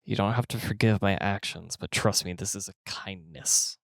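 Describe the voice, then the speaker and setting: A man doing a shifty pit boss who pleads his case in a very low voice, urgent and persuasive. He stumbles and restarts, and the sound is dry and close. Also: fairly even intonation, normal speed, creaky, no echo.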